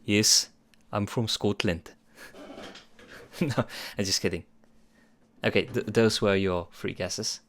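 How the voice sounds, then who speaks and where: Slow, low-voiced man on a livestream. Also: steady tone. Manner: playful, rambling, chuckles often. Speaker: music producer streamer. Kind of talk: casual livestream chat with viewers.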